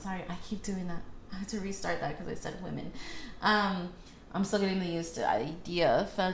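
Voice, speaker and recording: A woman with a medium-pitched voice, carrying a slight hiss or hum, speaks casually as a tarot reader. She rambles through spiritual advice, full of fillers and self-corrections. The room is echoey, with faint ambience in the background.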